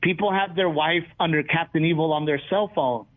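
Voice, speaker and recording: Man, comedian guest, animated storyteller, acts out quotes, a bit high-pitched, tinny phone-like sound. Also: fairly quick. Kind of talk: casual interview chat.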